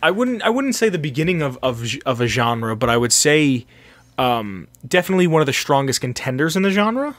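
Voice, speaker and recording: A man's voice: fairly high pitch, big pitch swings, brisk, fairly bright tone, dry recording. A man co-hosting a podcast, rambling casually and profanely about an old movie and acting out its lines. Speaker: podcast co-host. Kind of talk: casual movie review chat.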